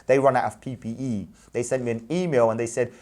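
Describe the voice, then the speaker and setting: A man's voice: medium pitch, fast. A man who runs a business, talking casually with a friend and pressing his points hard with rhetorical questions. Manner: animated, emphatic, repeats points with rhetorical questions. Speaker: businessman and parent, show host. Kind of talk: casual discussion.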